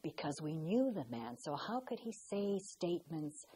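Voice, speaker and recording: An older woman recalling her past in a slow, reflective way, pausing and restarting as she tells her story. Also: low-pitched, sing-song, mellow, slight background noise, rough recording. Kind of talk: personal recollection.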